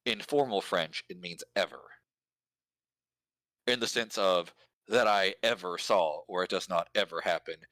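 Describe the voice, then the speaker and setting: Deep-voiced man explaining things at length. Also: a little slow, pushed and bright, no echo, poor audio. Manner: explains at length, thinks aloud with fillers. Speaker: lyric and language helper. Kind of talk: casual explanatory chat.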